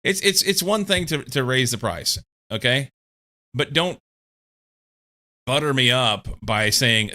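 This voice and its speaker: A man in mid-range pitch with a very bright, forward voice chats loosely while playing a game at home. He rambles, curses freely and breaks into laughter often, all close on a desk mic. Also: expressive, slow, long pauses. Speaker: game streamer. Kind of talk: casual chat while playing.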